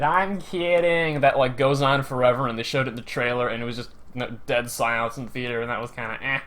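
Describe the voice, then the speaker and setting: A young man giving a casual, animated movie review, chatty and full of filler words. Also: a little high.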